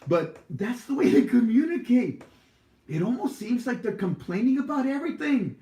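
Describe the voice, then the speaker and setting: A man's voice: very high-pitched, sing-song, moderate pace, mellow. Chatty guy hosting a live q&a, jokes around, laughs a lot, echoey room. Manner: rambling, joking, laughs often. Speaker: livestream host. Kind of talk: casual livestream Q&A.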